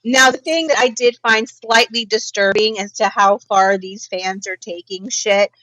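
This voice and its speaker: A woman co-hosting a pop culture podcast, telling a story in an animated, profane way. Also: medium pitch, measured pace, no room sound, low-quality recording. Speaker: podcast co-host. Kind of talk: casual pop culture chat.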